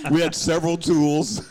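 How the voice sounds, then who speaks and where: A man co-hosting a beer podcast in casual chat, jokey and quick to laugh. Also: a little high, gravelly. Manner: jokey and animated, laughs easily. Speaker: podcast co-host.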